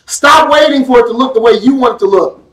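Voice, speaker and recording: A man's voice: extremely high pitch, fast, a bit bright. A man preaching a sermon and reading scripture, emphatic and conversational, drawing call-and-response from his congregation. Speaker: pastor. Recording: echoey room, speaker far from the mic.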